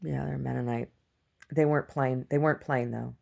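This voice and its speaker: A woman telling meandering stories in a casual video diary, halting and full of restarts. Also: very deep voice, steady tone, gravelly. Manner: halting, full of restarts and "like", shouts when acting out quotes. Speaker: video diarist. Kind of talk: rambling casual storytelling.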